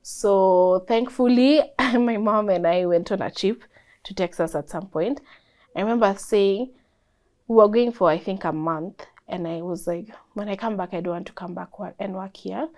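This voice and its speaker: A young woman, a guest in an interview, telling a personal story in a lively way and acting out what people said. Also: mid-range voice, moderate pace. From Kenya. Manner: animated storyteller, acts out quoted dialogue.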